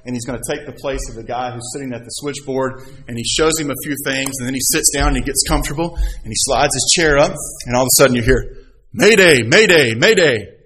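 A man's voice: mid-range voice, quick pace, few pauses, a bit bright, slight background noise, rough recording. A middle-aged man, a pastor, preaching a sermon with stories, scripture readings and rhetorical questions.

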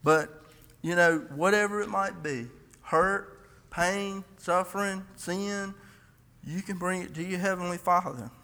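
Casting: a folksy male lay preacher, earnest and halting, bright voice in a reverberant church. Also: high voice, fairly even intonation. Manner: earnest, folksy, with frequent restarts and scripture reading. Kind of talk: informal church sermon.

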